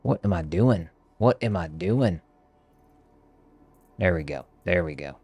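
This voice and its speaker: Here a Texas man streams his gameplay live, hamming up a heavy fake Texas accent while bantering profanely and playfully with the audience. His voice is low, husky and darkish, animated yet unhurried, recorded without echo.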